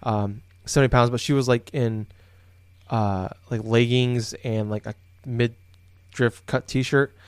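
A man speaking slowly with a clean, mid-range voice and fairly even intonation tells a story on a podcast he co-hosts, casual and rambling, with many fillers and restarts. It was recorded indoors in his home office, close and dry with no room sound.

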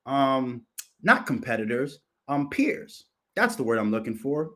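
A man of middle pitch hosts his livestream in a loud, cocky rant. He boasts, mocks his rivals and swears freely in a plain, steady voice. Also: a little slow. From Minnesota. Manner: brash, boastful and mocking. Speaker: livestream host.

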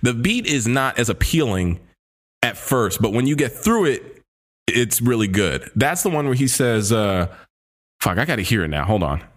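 A man co-hosting a casual podcast, with a lively voice that rises and falls a lot. He rambles through his thoughts, restarts his sentences and breaks into loud laughter. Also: medium pitch, moderate pace. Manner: rambling, laughs loudly, acts out silly voices. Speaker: podcast co-host. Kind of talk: casual album review chat.

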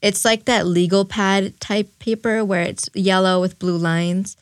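A young woman sharing a personal recollection in an interview, speaking reflectively and haltingly with fillers and restarts. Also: medium pitch, steady tone, clean tone, dry recording, studio quality. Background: faint music.

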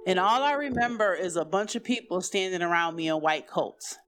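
In this unscripted piece of personal storytelling, a woman candidly recounts her own life in a loose, conversational way, sprinkling in plenty of "you know" and "like." Her voice sits fairly low in pitch and sounds animated, and she talks fairly quickly. Soft music plays in the background.

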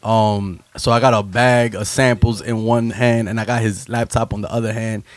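A man telling a funny story in casual chat, laughing and swearing, jumping into high voices when he quotes people. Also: steady tone, normal speed, no echo. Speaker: podcast host telling a story.

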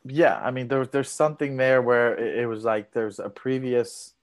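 A man's voice: medium pitch, fairly even intonation, normal speed. A man, a comedian guesting on a podcast, rambling mock-serious advice with many fillers. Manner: rambling, mock-serious, lots of "you know". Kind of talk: casual comedy podcast chat.

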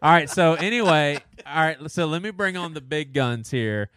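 A man's voice: fairly high pitch, animated, normal speed, fairly bright tone. Laughing man telling a story. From American South. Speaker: podcast co-host. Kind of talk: casual chat.

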